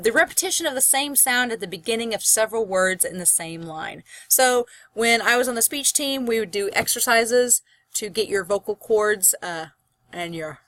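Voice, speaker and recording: A young woman teaching a college English class in a recorded lecture, chatty and rambling with animated asides. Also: medium pitch, dry recording.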